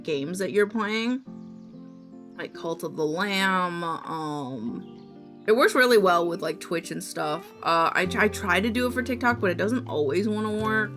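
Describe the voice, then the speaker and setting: A woman streaming live, chatting casually and rambling while reading on-screen text aloud. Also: medium pitch. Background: music playing.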